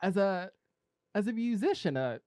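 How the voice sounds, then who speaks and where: A man's voice: high-pitched, expressive, moderate pace, darkish tone, no echo. Playful laughing male podcast host. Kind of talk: casual chat. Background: hip hop beat.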